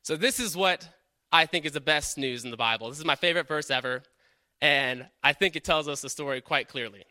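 An earnest male preacher whose voice is very bright and sits a little high. He talks through his points with questions and frequent "right?" check-ins, recorded close and dry with no room sound. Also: fairly quick, no room sound. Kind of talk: sermon.

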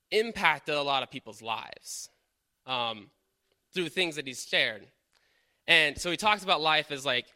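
A man's voice: fairly high pitch, pushed and bright, no room sound, clean studio sound. A man preaching a sermon in an earnest, questioning way, often checking in with "right?".

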